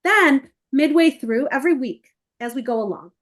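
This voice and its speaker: A middle-aged woman, an essay coach answering interview questions, explains her process in an animated way and acts out the emails and parents she quotes. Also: high-pitched, moderate pace.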